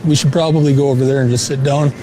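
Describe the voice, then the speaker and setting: A man from a vigilante group confronting someone at a shopping mall, talking in a calm, coaxing way and repeating reassurances. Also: medium pitch, very fast, poor audio. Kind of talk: on-the-street confrontation. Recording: clip with clear background noise.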